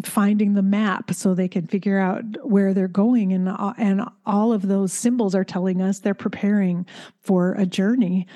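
A woman with a warm, mellow tone speaks at a middling pitch. She works in healthcare, was once a caregiver, and shares her stories in an earnest, chatty manner. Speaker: healthcare professional and former caregiver. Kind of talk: conversational storytelling.

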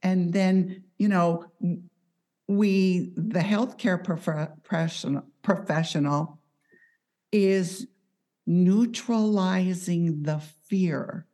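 A woman who works as an on-call hospice healthcare professional, speaking in a measured, reflective way and telling stories from her work. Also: fairly low pitch, dark tone. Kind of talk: conversational storytelling.

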